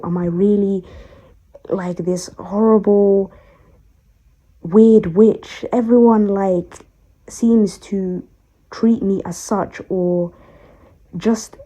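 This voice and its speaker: A tired woman venting to the camera about her workplace, frustrated and pausing to collect herself. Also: medium pitch, mellow, husky. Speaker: storytime vlogger. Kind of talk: emotional personal vent.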